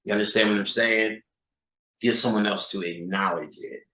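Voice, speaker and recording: A man's voice: lowish voice, fairly even intonation, moderate pace, sharp tone. A man giving a freewheeling, profane lecture, emphatic and rhetorical, who keeps checking in with his listeners and repeats lines for punch. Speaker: occult lecturer. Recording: echoey room.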